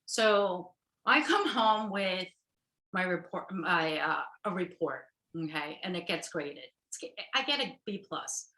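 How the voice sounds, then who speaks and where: American woman therapist, workshop lecture over video call; bright voice, slow pace, echoey room. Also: fairly low pitch, lively intonation. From United States. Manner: checks in often with "okay?" and "right?". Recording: roomy echo.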